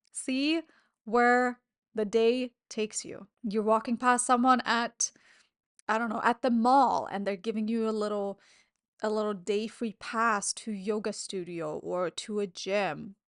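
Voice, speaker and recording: Solo podcast host, woman, frank and talkative, swears casually, slightly high voice, dry close-miked sound. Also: fairly even intonation, slow pace, clear, resonant tone, no room sound. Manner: candid and chatty, swears freely, laughs between thoughts.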